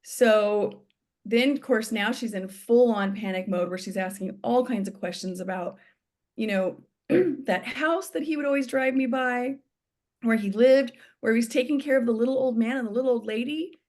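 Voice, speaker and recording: A woman's voice: a little high, moderate pace, a little mellow. A woman guest telling her story in an interview, acting out the dialogue she quotes.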